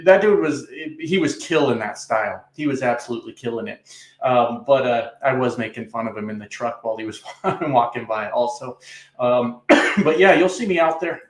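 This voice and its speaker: A man's voice: medium pitch, roomy sound. A man, a trucker, chatting casually on a livestream, reading comments, joking and swearing with lots of fillers. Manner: profane, joking, rambling with many fillers. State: coughing a little. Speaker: trucker reading live chat.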